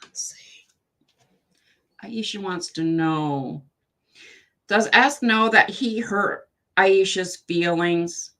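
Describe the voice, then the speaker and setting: A woman's voice: lowish voice, extremely slow, long pauses, sharp tone. A woman in her fifties giving frank, affectionate advice as a tarot reader during a live-stream psychic reading, chatting with viewers between readings.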